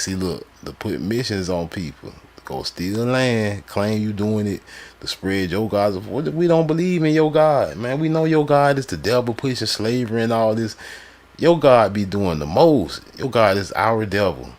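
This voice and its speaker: A man's voice: fairly low pitch, animated, a little mellow. A man live streaming, reading sources aloud and breaking off into loose, slangy, mocking commentary. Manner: loose slangy talk, quick to laugh and mock.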